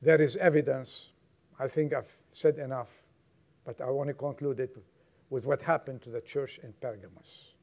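Speaking at normal speed with fairly even intonation, a male pastor preaches a sermon to his congregation. He is emphatic, trading loud exhortations for quiet, low asides.

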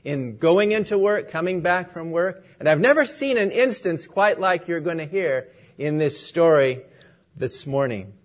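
A man's voice: on the high side, lively intonation, measured pace. A male pastor opening in prayer and telling a story as he preaches a sermon.

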